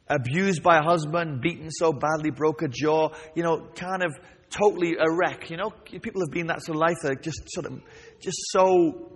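Male preacher, fairly high voice, husky, animated call-and-response delivery, long hall reverb. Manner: animated, asks the congregation questions. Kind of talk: sermon.

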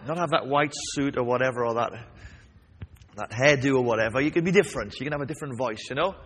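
A man preaching a sermon, lively, often asking the congregation questions. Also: fairly high pitch, breathy edge. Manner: animated, asks the congregation questions. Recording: long reverb of a large hall.

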